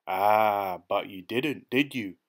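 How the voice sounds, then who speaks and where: A man's voice: medium pitch, moderate pace, close to an everyday voice. A man voicing a boastful, cheeky male London pickpocket in an audiobook. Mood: smug teasing. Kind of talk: audiobook character voice.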